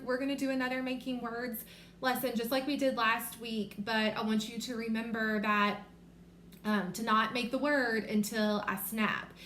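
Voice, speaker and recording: A woman teaching a remote reading lesson to young children, sounding out letters and words slowly and clearly. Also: a little high, fairly bright tone. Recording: echoey room with faint noise.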